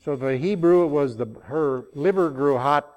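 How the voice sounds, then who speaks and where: A man's voice: a little high, moderate pace, muffled recording. An older man preaching a sermon, telling stories in a folksy way and rising into emphatic passages.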